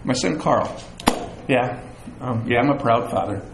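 A middle-aged man preaching a sermon as pastor, animated, with chatty asides and self-deprecating humor. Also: mid-range voice, a little slow, background noise. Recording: echoey room with faint ambience.

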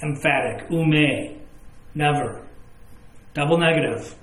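A man's voice: fairly high pitch, slow, fairly bright tone. A man delivers a sermon in a somewhat raised voice, driving points home with emphatic repetition. His voice rings in a reverberant room. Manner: emphatic, repeats key words, stresses points with questions. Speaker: preacher. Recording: echoey room.

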